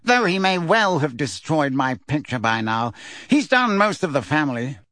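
A man's voice: a little high, sing-song, normal speed, a bit bright, dry recording, clean studio sound. A man voicing a haughty wizard in a portrait, with a reedy voice and a bored, drawling, disdainful manner.

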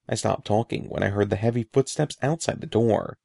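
A man's voice: on the low side, brisk, vocal fry, few pauses, warm tone, no echo, clean studio sound. A man narrating a children's fantasy novel aloud as an audiobook, reading in a dramatic storytelling manner. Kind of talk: scripted narration.

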